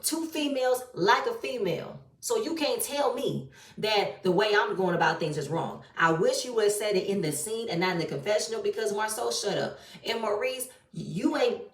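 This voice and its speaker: A woman's voice: mid-range voice, recorded from a distance. Blunt exasperated woman, roomy and off-mic. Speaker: reality show commentator. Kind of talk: casual reaction commentary. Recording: roomy echo, voice a bit off-mic.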